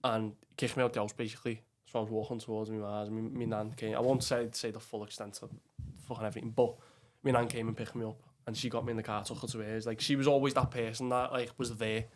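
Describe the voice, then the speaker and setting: Speaking quickly with hardly any pauses, this young man has a lowish voice and a level tone. He's a podcast guest from Liverpool, England, with a Scouse accent, bluntly telling an emotional personal story, swearing a lot and addressing the listener as "lad."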